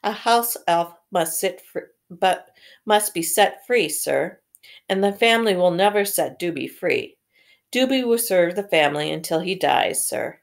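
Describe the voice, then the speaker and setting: A woman reading aloud slowly, voicing a timid, anxious male house elf who keeps calling the listener sir. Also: lowish voice, animated, vocal fry. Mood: pleading. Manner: earnest, pleading, keeps saying sir.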